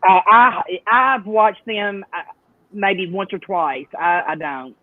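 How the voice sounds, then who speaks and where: A man calling in to a casual chat show, talking in a relaxed, chatty way. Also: high voice, slow pace, dry recording. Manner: relaxed, chatty, brief reactions. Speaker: caller. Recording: tinny dry phone line.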